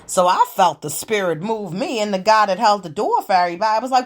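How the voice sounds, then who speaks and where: A woman hosts her own show and talks straight to her listeners in a casual, sassy monologue full of swearing. Her pitch swings widely from line to line, and she tells her stories with lots of attitude. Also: a little fast, few pauses, over music. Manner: profane, animated, sassy storytelling. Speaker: podcast host.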